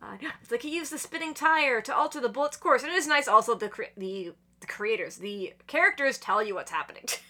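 A woman chatting on a podcast, excitedly retelling manga chapters and acting out the characters' lines between laughs. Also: on the high side, a little fast, hardly any pauses. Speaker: podcast guest. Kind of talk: casual chat recapping manga chapters.

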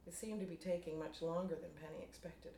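Low-voiced woman reading her story. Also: fairly even intonation, fairly quick, mellow. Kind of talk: reading her own fiction aloud. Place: room at a writers' group meeting. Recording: roomy room, distant mic, faint noise.

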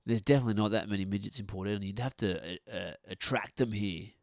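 A man's voice: fairly low pitch, fast, a little mellow, dry recording, clean studio sound. A middle-aged man, hosting a podcast in a blunt, sweary, rambling way full of restarts. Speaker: podcast host. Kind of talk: casual podcast rant. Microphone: podcast microphone.

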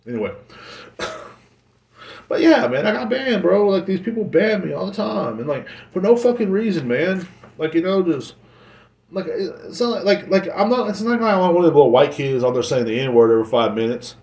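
A man's voice: high-pitched, big pitch swings, moderate pace, vocal fry, a little mellow. A man hosting a casual solo podcast, rambling and joking with plenty of swearing. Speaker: podcast host. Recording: roomy echoey recording.

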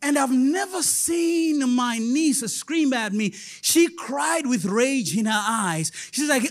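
A male pastor delivering a lively sermon, sing-song and chuckling often, calling out to the congregation. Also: extremely high pitch, normal speed, few pauses.

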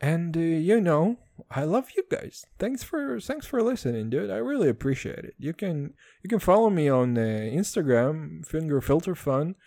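A young man from Israel rambles through a casual solo podcast, swearing freely and calling his listeners "dude". His voice is lively and swoops up and down. The mic is close and dry, with no room sound. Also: normal speed, gravelly, dry recording. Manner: rambling, profane, animated with pitch jumps. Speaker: podcast host.

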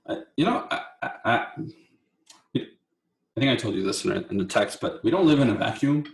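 A man co-hosting a podcast in casual chat, reflective and halting, often repeating his words. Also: mid-range voice, animated. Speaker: podcast co-host. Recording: roomy echo.

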